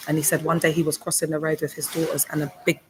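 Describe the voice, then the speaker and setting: A woman's voice: deep voice, level tone, fast talker. A woman talking casually on a livestream from a hospital, emotional and rambling, greeting chat viewers by name. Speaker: livestreamer, cult survivor. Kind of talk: casual live-stream talk. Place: hospital room. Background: hospital background noise.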